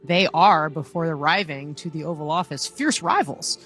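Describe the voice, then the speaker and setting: A news commentator giving measured, analytical live news analysis. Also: medium pitch, a bit bright, soft background music.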